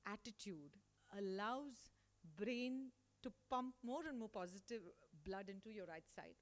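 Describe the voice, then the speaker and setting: A woman giving an emphatic motivational talk to school staff as a guest speaker. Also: fairly high pitch. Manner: emphatic, acts out quotes in lively voices. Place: school hall. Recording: long hall reverb.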